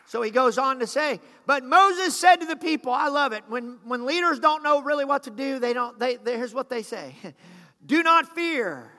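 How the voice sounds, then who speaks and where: A man preaching in a church, his voice high and bright. He calls out to the congregation and acts out the people in his story. The sound rings with a long hall reverb. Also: moderate pace. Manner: preaching with rising intensity, calls to congregation, acted asides. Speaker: pastor. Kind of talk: sermon. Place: church sanctuary.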